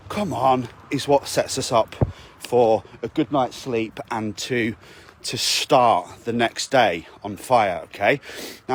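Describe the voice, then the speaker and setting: A man, a fitness coach, giving a blunt, sweary motivational talk to his camera while out walking, often asking "okay?". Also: mid-range voice. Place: outdoors on a walk.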